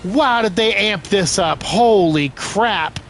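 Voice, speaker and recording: Man, gaming commentary, excitable outbursts, slightly high voice, faint game music behind. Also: slow pace. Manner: excitable, loud bursts of exclaiming while playing. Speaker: gaming streamer. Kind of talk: casual let's-play commentary.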